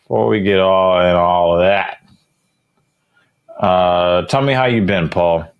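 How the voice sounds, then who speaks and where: A man's voice: sits low, a little slow, smooth, phone-quality sound. A young man hosting a casual podcast, trading crude jokes with his co-host. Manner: joking, crude banter.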